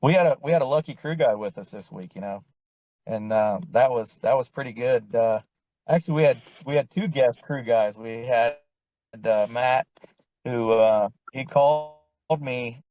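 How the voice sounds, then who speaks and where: A man's voice: medium pitch, normal speed, warm tone, highs cut off. A middle-aged man, a race crew chief and the driver's father, telling a story in casual chat and acting out what others said. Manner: rambling, folksy, acts out other people's lines.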